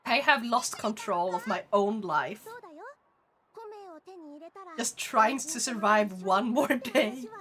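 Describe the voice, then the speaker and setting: A woman's voice: medium pitch, slow pace, long pauses, a bit bright. A woman from Sweden with a Swedish accent, chatting casually on a live stream, reading viewer comments aloud and laughing often.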